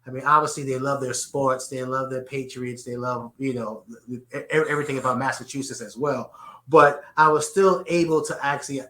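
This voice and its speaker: A middle-aged man from the Bronx, with a New York accent, answers questions earnestly as a podcast guest in a conversational interview. His medium-pitched voice is bright and forceful, with fairly even intonation and a brisk pace, and he often restarts sentences by repeating words. The recording has a roomy echo.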